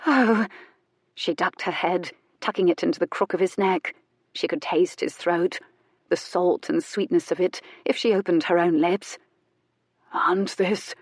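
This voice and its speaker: A woman reading a romance audiobook in a soft, measured, intimate narration. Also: on the low side, steady tone, dry recording.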